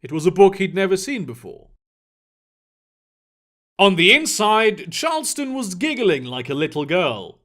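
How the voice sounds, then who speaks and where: A man narrating a fantasy story in a steady, descriptive storytelling manner. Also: sits high, a little slow, pauses often. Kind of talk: audiobook storytelling.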